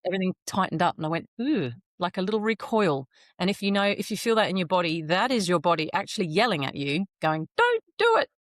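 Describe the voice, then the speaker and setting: A woman with a slightly low voice reflects in casual podcast chat and acts out her own past reactions as she tells them. The sound is close and dry. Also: quick pace, no echo. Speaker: podcast co-host.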